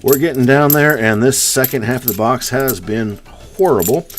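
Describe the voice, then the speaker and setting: This East Coast man runs a laid-back coin roll hunting live stream, working through viewer comments one by one as he chats. He speaks at a moderate pace in a medium pitch, with soft music in the background.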